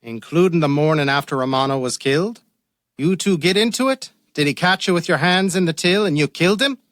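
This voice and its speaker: An actor playing a shrewd, dry-witted male police detective in a radio drama, calm and probing. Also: a little high, fairly quick, dry recording. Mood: pressing. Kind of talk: radio theater acting.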